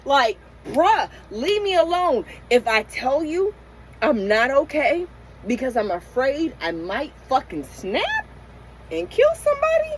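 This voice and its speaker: A woman's voice: on the high side, lively intonation, moderate pace, a little hiss or hum, poor audio. A middle-aged woman in a candid late-night vlog rant from inside her van, venting emotionally and profanely with many restarts. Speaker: van-life vlogger.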